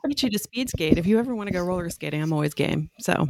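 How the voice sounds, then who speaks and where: Animated woman telling a story. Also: rapid-fire, gravelly, crowd noise. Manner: animated, acts out quotes with big pitch jumps. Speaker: podcast guest. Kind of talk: casual storytelling.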